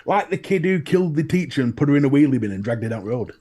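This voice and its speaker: A man on a casual podcast makes dry, wry remarks. His voice is husky and his pitch moves up and down a lot. He speaks in a relaxed, chatty way. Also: racing. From northern England.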